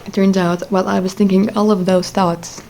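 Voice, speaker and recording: A chatty young woman recounting a personal story for her vlog, with a voice at an everyday middle pitch. Her talk is loose and casual, full of fillers and little asides, with a faint hiss of noise behind her. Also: level tone, brisk, dark tone. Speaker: vlogger.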